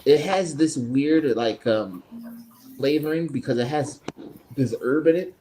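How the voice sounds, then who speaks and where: A man's voice: medium pitch, unhurried, a little hiss or hum. Profane storytelling man on a podcast. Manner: profane, animated anecdotes with acted-out quotes. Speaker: podcast co-host. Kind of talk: casual storytelling chat.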